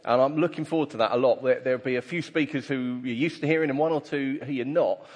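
A man delivers a Sunday sermon in a casual, conversational way and lifts his voice with energy when he reads scripture aloud. His pitch sits in the ordinary middle range for a man. The sound carries a long reverb from a large church hall. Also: fast, darkish tone. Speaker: preacher.

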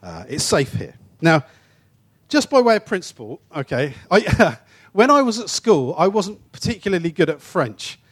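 A man from England giving an informal, anecdotal sermon as a traveling preacher, with frequent restarts, quick asides and slow, emphatic phrases. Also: sits high, big pitch swings, fairly bright tone, slightly rough. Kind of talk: conversational sermon teaching.

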